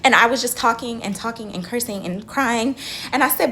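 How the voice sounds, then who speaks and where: A young woman vlogging from her car, telling a dramatic story in a casual, animated way and swearing freely. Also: on the high side, brisk, a little hiss or hum.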